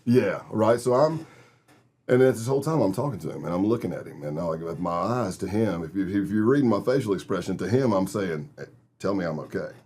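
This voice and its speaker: A man's voice: sits low, animated, brisk, a little mellow, breathy edge. A middle-aged man from Texas, a guest telling vivid stories in a casual interview and acting out other people's lines. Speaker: guest, retired FBI agent.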